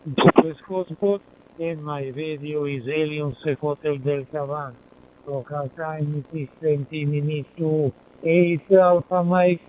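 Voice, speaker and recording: A man from Serbia, formally spelling call signs during a radio contact. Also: fairly high pitch. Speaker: amateur radio operator. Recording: narrow-band two-way radio audio.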